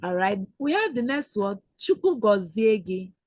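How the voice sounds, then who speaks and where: A woman teaching an online language lesson, speaking slowly and patiently and repeating words for learners. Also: medium pitch, sing-song, darkish tone, dry recording. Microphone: video call.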